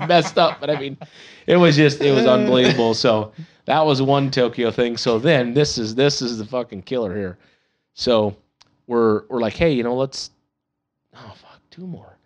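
A man, a podcast guest telling profane, animated stories with frequent laughter. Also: mid-range voice. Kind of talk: casual storytelling.

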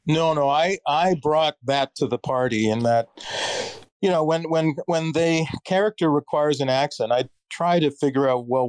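A man with a Canadian accent speaks as an interview guest, thinking aloud with plenty of fillers and restarts. His voice sits in a middle pitch. The recording is dry and close, with no room sound. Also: no room sound. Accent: Canadian English. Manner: thoughtful, many fillers and restarts. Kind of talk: reflective conversational interview.

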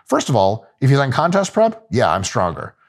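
A man's voice: medium pitch, huge pitch swings, moderate pace. A man giving casual, profane, joking coaching talk about gym training. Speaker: fitness coach.

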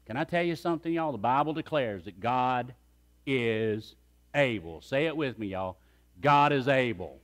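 A man's voice: mid-range voice, expressive, normal speed. Preacher guy, punchy sermon voice, keeps getting the church to say it back. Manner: emphatic, calls on the congregation to repeat after him. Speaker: pastor.

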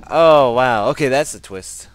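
A man's voice: medium pitch, a little slow, dry recording. A young man giving casual, joking commentary while playing a video game. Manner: animated, joking, reads game text aloud. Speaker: gameplay commentator. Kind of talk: casual let's play commentary.

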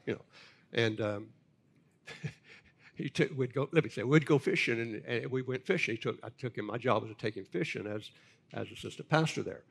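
An older man, a pastor telling folksy stories in a lively, animated way. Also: mid-range voice, normal speed, vocal fry, husky. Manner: animated, folksy storyteller with big laughs. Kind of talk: storytelling sermon talk.

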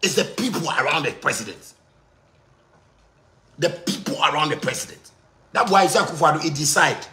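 Ghanaian man ranting with a bright, sharp tone in an echoey room. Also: fairly high pitch, lively intonation, fairly quick, pauses often. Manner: ranting, repetitive, bursts of shouting. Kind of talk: heated monologue in pidgin.

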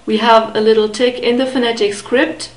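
A woman teaching German pronunciation to beginners, patiently repeating each word slowly and clearly. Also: on the high side, level tone, echoey room, poor audio. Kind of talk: slow, careful pronunciation lesson.

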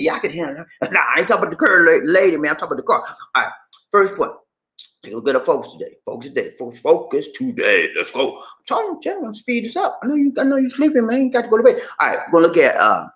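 A man from the USA giving casual, joking advice as a vlogger, full of streetwise slang and quick laughs. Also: on the high side, fairly bright tone.

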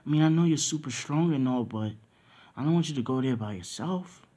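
A man's voice: mid-range voice, lively intonation, fairly quick, dark tone, pitched above the performer's own voice, close to an everyday voice. A man voicing a worried young woman who pleads anxiously with her lover. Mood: pleading.

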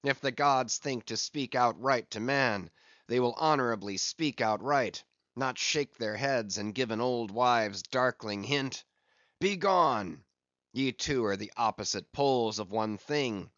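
In a storybook reading, a man plays a grim, obsessed old sea captain, defiantly declaiming lines and barking orders at his crew. His unhurried, deliberate delivery sits at a medium pitch with a fairly bright tone, close to an everyday voice. The recording is close, dry and somewhat muffled, with no room around him.

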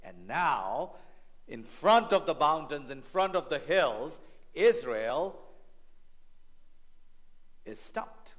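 Animated male pastor, lively pitch. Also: slow pace. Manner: animated, rhetorical, checks in with "right?". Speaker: family pastor. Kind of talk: sermon. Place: church.

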